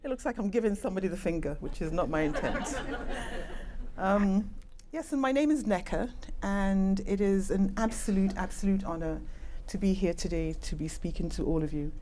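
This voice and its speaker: A medium-pitched, mellow-voiced woman speaks at a moderate pace, with a little hiss or hum on the recording. Nigerian-born, British-raised and British-accented, she gives an earnest conference presentation in a conference room through a handheld or clip-on microphone, adding chatty asides about it.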